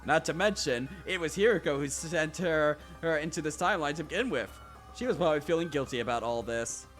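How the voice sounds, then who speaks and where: Streamer guy reading out a story game, kinda high voice, animated and a bit sweary. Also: a little fast, soft background music. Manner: animated, self-mocking, swears freely. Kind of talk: reading a visual novel aloud on stream.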